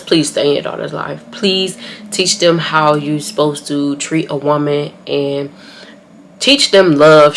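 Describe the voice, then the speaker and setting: A young beauty vlogger with an African American English accent does her makeup while telling her viewers a story, calling them "y'all" in a chatty, direct way. Her voice is low-pitched and a bit bright, picked up by a camera on a tripod with a slight hiss or hum.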